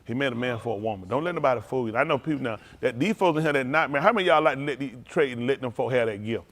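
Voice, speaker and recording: A male pastor giving a playful sermon to his congregation, laughing and joking and then turning low and earnest. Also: lively intonation, rapid-fire. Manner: drops to a low, quiet earnest tone for counsel.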